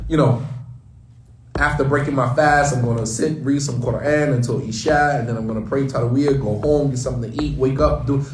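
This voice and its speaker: A man speaks as an imam in a casual, emphatic morning reminder, circling back on his own phrases. His mid-pitched voice sits back from the mic in a roomy space. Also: a little mellow. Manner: conversational, emphatic, repeats phrases. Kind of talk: casual religious talk. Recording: roomy sound, mic at a distance.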